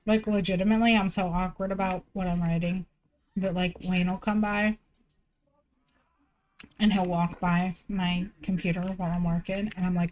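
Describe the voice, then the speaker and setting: A woman's voice: fairly low pitch, fairly even intonation, normal speed, a little mellow, poor audio. A woman live streamer chatting casually from home, rambling and self-deprecating, swearing freely and filling her talk with "like". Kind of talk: casual chat.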